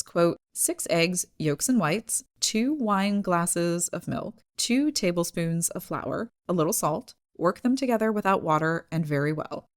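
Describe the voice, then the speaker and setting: A woman hosting a history podcast, reading a scripted narration with chatty, wry asides. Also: on the low side. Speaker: podcast host.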